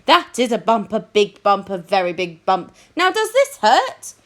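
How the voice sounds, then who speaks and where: A woman voicing a tired, flustered older nurse who barks and mutters loudly, read in a children's storybook. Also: mid-range voice, very animated, unhurried. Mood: fussing, barking. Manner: loud, barking, muttering.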